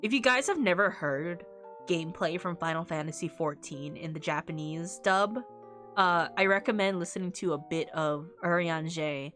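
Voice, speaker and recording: A woman's voice: on the low side, moderate pace, fairly bright tone, soft background music. Giggly woman streamer chatting casually. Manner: giggly, rambling, laughs often.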